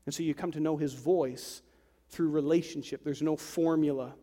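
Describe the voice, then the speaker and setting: A man in his thirties preaches from the pulpit with a high-pitched voice. His tone stays conversational, and he breaks off into joking asides to the congregation. The sound carries a long hall reverb. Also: steady tone, moderate pace, mellow. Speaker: pastor. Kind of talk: sermon. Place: church sanctuary with congregation.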